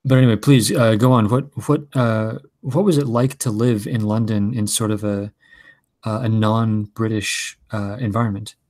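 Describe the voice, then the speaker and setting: Male podcast host, low voice, dry close sound, rambling curious questioner. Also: fairly even intonation, normal speed, darkish tone, no echo. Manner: rambling, self-interrupting, curious. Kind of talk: casual conversation, asking questions.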